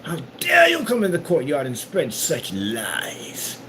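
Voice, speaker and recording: Man putting on a pompous old-time gentleman. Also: on the high side, wildly swooping pitch, unhurried, a little hiss or hum, full character voice. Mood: indignant. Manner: haughty, formal, indignant.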